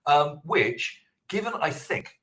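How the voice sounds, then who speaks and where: A man co-hosting a podcast, chatty and opinionated, quick with a joke. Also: on the high side, lively intonation, a bit bright, poor audio. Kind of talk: casual podcast chat.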